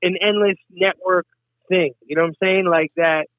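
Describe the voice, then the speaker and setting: A man's voice: high-pitched, moderate pace, no echo. A middle-aged man telling stories in casual chat, swearing freely and acting out what others said. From Westchester, New York. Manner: profane, animated, acts out quotes. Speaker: guest, hip hop artist. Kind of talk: casual storytelling. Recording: dry tinny phone-like sound.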